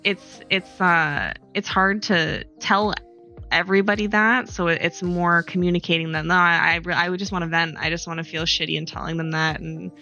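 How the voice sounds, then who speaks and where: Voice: medium pitch, little pitch movement, moderate pace, sharp tone, highs cut off, soft background music. A stream co-host in casual chat, encouraging and hesitant, with frequent restarts.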